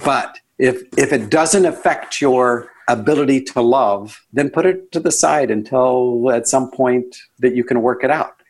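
Man, husky voice, reflective and earnest, podcast guest, sudden jumps in pitch for emphasis. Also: unhurried, hardly any pauses. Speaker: author and guest. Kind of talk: conversational podcast interview.

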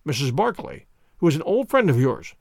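A man reading aloud who voices a calm, incisive male detective in a storybook, with a measured, composed manner. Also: on the high side, gravelly, no room sound, clean studio sound, voice pushed down, heavily acted. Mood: probing. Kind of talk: audiobook character reading.

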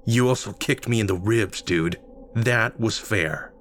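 A man voicing a cackling, creepy corpse actor who speaks slowly and low. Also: a bit bright, slight background noise. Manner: slow, low and drawn out.

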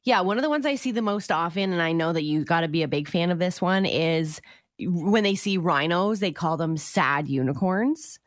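A woman's voice: fairly low pitch, moderate pace, dry recording. A woman co-hosting a radio show in casual banter, laughing often mid-sentence, on a close studio mic. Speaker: radio co-host.

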